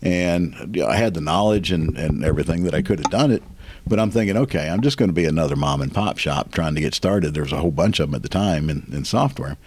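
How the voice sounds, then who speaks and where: A middle-aged man, a movie theater owner, chatting casually as a podcast guest and telling his story with relaxed fillers. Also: deep voice, quick pace, a little hiss or hum. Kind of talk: casual conversation.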